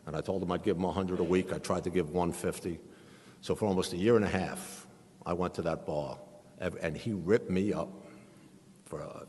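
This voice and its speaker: A man's voice: low voice, steady tone, normal speed, darkish tone, slightly rough, in a large hall. A middle-aged man with a New York accent, telling his recovery story in an earnest, humorous way at a meeting. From Staten Island, New York. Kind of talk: personal recovery talk. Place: meeting hall.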